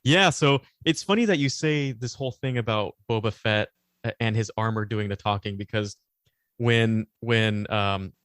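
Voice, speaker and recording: A man's voice: on the low side, moderate pace, a bit bright, dry recording, studio quality. A man co-hosting a podcast, talking casually and rambling, often stopping to search for words and laughing along. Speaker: podcast co-host. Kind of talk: casual chat.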